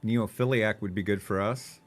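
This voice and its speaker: A man live-streaming a video game, thinking aloud in a relaxed, casual way and swearing now and then. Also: fairly low pitch, moderate pace, faint music behind.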